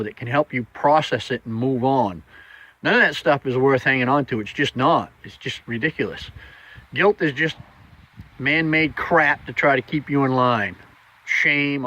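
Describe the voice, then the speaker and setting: Male vlogger, plainspoken and blunt, casual daily encouragement in a crisp, bright tone. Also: medium pitch, no echo, rough recording. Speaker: motivational vlogger. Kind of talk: casual motivational talk.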